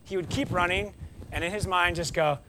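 A man preaching a conversational sermon, telling the story with animated delivery and wry asides. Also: sits high, brisk, slight background noise.

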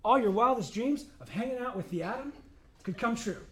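A man's voice: very high-pitched, animated, brisk. A man preaching a sermon at church in a loose, conversational and joking way, acting out voices as he goes. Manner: conversational, humorous, acts out voices in quotes. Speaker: pastor.

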